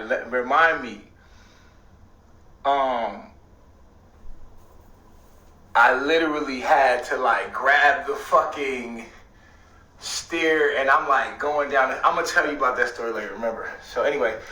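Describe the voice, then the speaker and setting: Guy rambling a wild story, bright sharp voice, kinda far off from the mic. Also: medium pitch. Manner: rambling and emphatic, swears often, breaks into shouts. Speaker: host. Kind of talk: casual storytelling. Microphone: streaming setup. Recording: echoey room, away from the mic.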